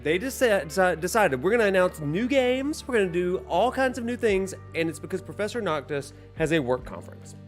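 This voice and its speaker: A man's voice: high voice, big pitch swings, a little fast, hardly any pauses, faint music behind. A man hosting a casual livestream from home, joking, laughing often and chatting directly to his viewers. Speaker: livestream host.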